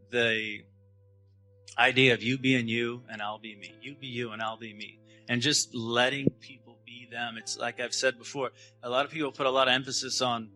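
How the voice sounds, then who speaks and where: A man in his thirties giving a spiritual talk in a gentle, halting way, often restarting his sentences. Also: medium pitch, low-quality recording. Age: 30s. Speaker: spiritual speaker.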